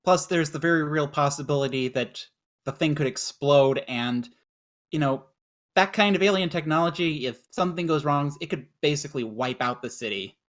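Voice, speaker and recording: Game master, tabletop role-play narration, mid-pitched voice, halting, restarting sentences. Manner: halting, full of restarts and fillers while describing scenes.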